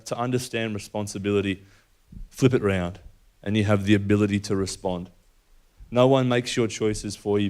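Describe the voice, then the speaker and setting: A man's voice: on the low side, a little mellow, clean tone. A young man giving a personal faith talk to an audience, telling stories and acting out the dialogue in a conversational way. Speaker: speaker at a faith event.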